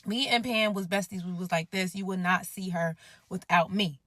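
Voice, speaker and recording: A woman's voice: on the low side, normal speed, fairly bright tone, dry recording. Woman telling a story, dry sound. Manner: direct, casual, no-nonsense. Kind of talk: story time narration.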